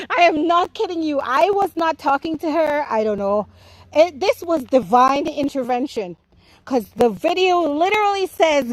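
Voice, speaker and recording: A woman's voice: high-pitched, expressive, normal speed, dry recording, low-quality recording. Chatty Jamaican woman in her garden. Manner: chatty, playful, drops into Jamaican patois. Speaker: home garden vlogger. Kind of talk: casual garden tour vlog. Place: outdoor home garden.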